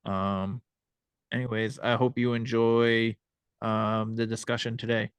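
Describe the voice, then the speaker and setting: A man's voice: medium pitch, little pitch movement, a little slow, clear, resonant tone, dry recording. A man hosting a podcast, chatting casually in a laid-back way with many fillers. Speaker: podcast host. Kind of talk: casual chat.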